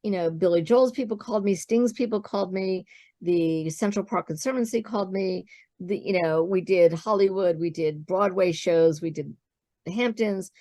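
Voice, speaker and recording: A woman guest in an interview, telling her own business story as an animated storyteller who acts out the dialogue she quotes. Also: lowish voice, moderate pace, no echo, studio quality.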